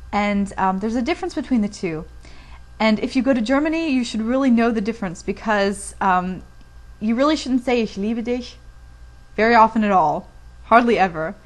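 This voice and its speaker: A young woman from the United States giving a chatty pronunciation lesson on video, with frequent fillers. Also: on the high side. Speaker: language teacher.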